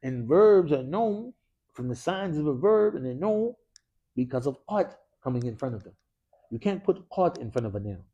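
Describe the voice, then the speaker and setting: A man's voice: on the high side, big pitch swings, moderate pace, dark tone, lo-fi sound. A man teaching an Arabic grammar class in a mosque classroom. He speaks with energy, keeps quizzing his students with "what?" prompts and drops casual slang.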